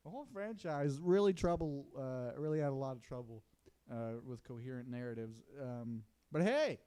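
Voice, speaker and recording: A man co-hosting a live basketball watch party at a small comedy theater, mixing play-by-play with deadpan jokes. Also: medium pitch, moderate pace, smooth. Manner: jokey, deadpan asides, bursts of play-by-play. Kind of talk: casual live game commentary and banter.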